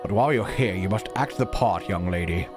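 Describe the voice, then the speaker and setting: A man voicing a stern, eccentric retired old British gentleman with a gruff, clipped, scolding delivery. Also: sits low, a little fast, music in the background, lightly acted. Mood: lecturing. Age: older.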